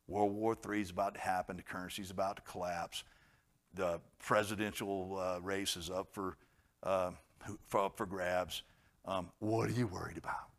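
Male pastor, sermon delivery, dynamic: big loud peaks, hushed asides. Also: low voice, moderate pace. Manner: lively preaching, swings from loud exclamations to quiet asides.

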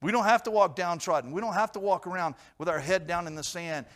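A man preaching a sermon in church, questioning his congregation and swinging between emphatic loud lines and quiet low ones. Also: fast, few pauses. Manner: repeats and restarts words, asks questions of the congregation. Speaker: pastor.

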